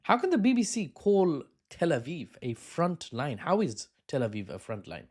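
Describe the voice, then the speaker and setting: A man's voice: fairly high pitch, huge pitch swings, normal speed, darkish tone. A man giving casual political commentary, rambling, with frequent fillers and self-corrections. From United Kingdom.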